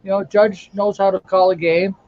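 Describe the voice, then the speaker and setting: A high-pitched man co-hosts a sports talk show in a casual way, laughing and chiming in. His voice sounds dull and lo-fi, and the room is very dry. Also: flat delivery, moderate pace, darkish tone, no echo. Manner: laughs often, chimes in with short reactions. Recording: dry, muffled audio.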